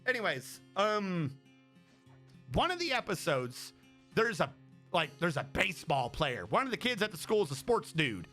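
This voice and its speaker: A man livestreaming in casual chat, rambling excitably and swearing freely as he talks. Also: high voice, moderate pace, soft background music.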